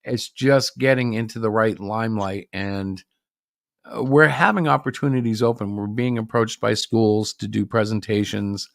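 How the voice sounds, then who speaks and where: Animated, opinionated man chatting. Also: lowish voice, normal speed, gravelly, dry recording, studio quality. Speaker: indie comic creator co-hosting a livestream. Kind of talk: casual chat.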